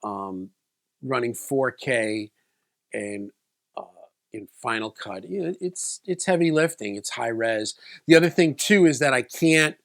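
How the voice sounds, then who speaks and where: A man's voice: medium pitch, animated, unhurried, creaky, fairly bright tone. A man in a casual vlog, telling a personal story in a loose, rambling way with many restarts. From South Florida. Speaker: video creator.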